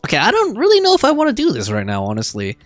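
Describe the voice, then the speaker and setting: A man's voice: sits high, huge pitch swings, very fast, faint music behind. A man streaming a video game live, chatting and rambling as he plays and reads chat aloud. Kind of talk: live gameplay commentary.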